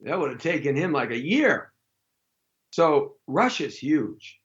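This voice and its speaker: A man hosting a live talk show, rambling through a jokey monologue with sudden loud outbursts. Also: fairly high pitch, sing-song, slow pace, highs cut off.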